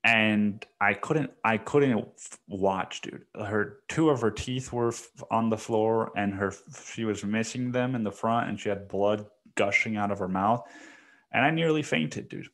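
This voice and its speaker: A man's voice: fairly low pitch, measured pace, few pauses, fairly bright tone. A young man hosting a solo podcast, rambling casually and with a lot of swearing, saying "dude" constantly. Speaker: podcast host.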